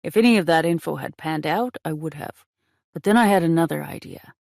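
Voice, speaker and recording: A woman's voice: deep voice, fairly quick, vocal fry, darkish tone, no room sound. A woman reading the lines of a sheepish, scheming wealthy man in an audiobook, in a plain voice close to her own. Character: man, rich playful schemer. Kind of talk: audiobook character voice.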